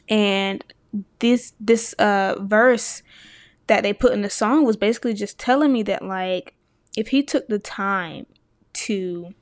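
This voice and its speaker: An earnest young woman talks to her podcast listeners about faith. Her voice sits at a middle pitch and turns emotional as she speaks straight to them. The recording is close and dry. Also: no echo. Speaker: podcast host. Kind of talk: personal faith talk to listeners.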